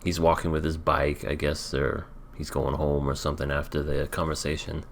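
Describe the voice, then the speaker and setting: A man's voice: a bass voice, flat delivery, moderate pace, creaky, slight background noise. A man recapping an anime episode in a casual, rambling way, hedging often as he thinks aloud. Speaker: anime reaction vlogger.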